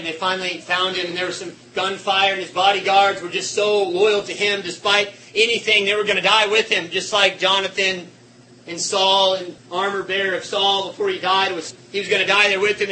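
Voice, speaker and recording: A man preaching a sermon with passion, swinging between shouting and hushed, quiet tones. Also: high-pitched, level tone, brisk, slight background noise, low-quality recording.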